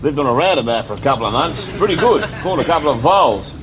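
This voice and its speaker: A man's voice: fairly high pitch, expressive, fast talker, very noisy, lightly acted. Man doing a blunt Australian backpacker. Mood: boastful. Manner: blunt, crude and matter-of-fact. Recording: live club set with loud audience.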